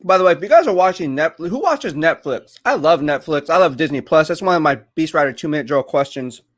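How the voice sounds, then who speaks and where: A man's voice: on the high side, expressive, fast talker. A young man chatting casually on a live stream while eating, rambling and reading viewer comments aloud.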